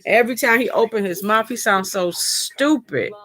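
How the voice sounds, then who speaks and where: A woman's voice: on the high side, moderate pace, fairly bright tone. A middle-aged woman chatting casually with viewers during a live stream, telling a long personal story in a talkative, colloquial way.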